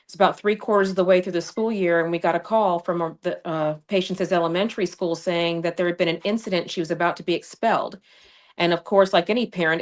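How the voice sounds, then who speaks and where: A woman running for Congress, a guest on a livestream, telling her story in a fiery, combative way. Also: lowish voice. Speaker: congressional candidate. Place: home studio over streaming video call. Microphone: remote streaming mic.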